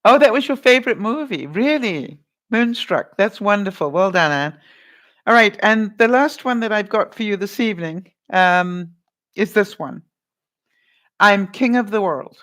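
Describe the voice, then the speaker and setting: Woman hosting a live stream, chatty and laughing, runs a little movie quiz, average pitch. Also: expressive, moderate pace, fairly bright tone. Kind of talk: casual live-stream chat, reading viewer comments.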